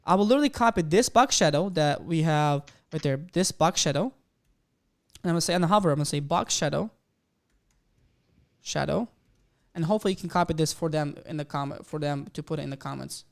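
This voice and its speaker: A man's voice: a little high, a little fast, gravelly. A man teaching web coding on a live stream, talking through each step and cheering on his viewers. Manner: excitable, hypes the audience. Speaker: coding instructor.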